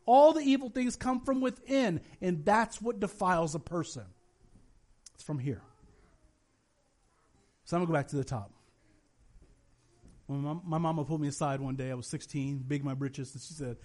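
A man preaching a sermon as a pastor, telling stories with animated delivery and acting out the people he quotes. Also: a little high, moderate pace, long pauses. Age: adult, has children. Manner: animated storytelling, voices quoted parents.

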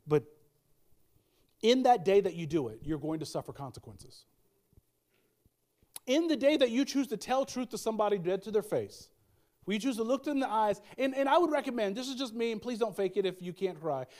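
A man's voice: high voice, lively intonation, brisk, a little mellow. A middle-aged male pastor preaching a sermon, emphatic, with folksy asides and repeated key lines.

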